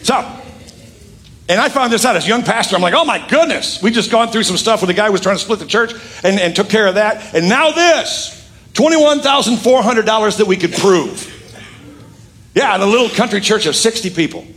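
In a church sanctuary before his congregation, a middle-aged pastor preaches a little fast, telling lively stories with big pitch swings and asides. He jokes with the congregation and calls on them to repeat lines, with a little hiss or hum in the recording.

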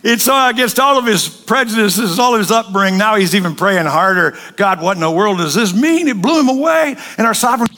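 A man's voice: high-pitched, brisk, few pauses. A man preaching a sermon, telling stories with jokes and acted voices. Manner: joking, animated storytelling with acted voices. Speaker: pastor.

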